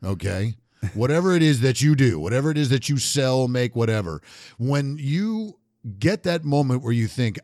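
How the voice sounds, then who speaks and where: A middle-aged man co-hosting a political talk podcast, joking and animated, slipping into mock voices. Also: medium pitch, normal speed, no echo, clean studio sound. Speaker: podcast co-host. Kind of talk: casual political talk show banter.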